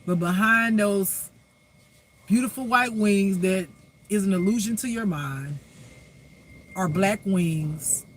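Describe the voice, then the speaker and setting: A man's voice: high voice, slow pace, long pauses, slight background noise. A man giving a spiritual reading as a life teacher, preaching emphatically with rhetorical questions.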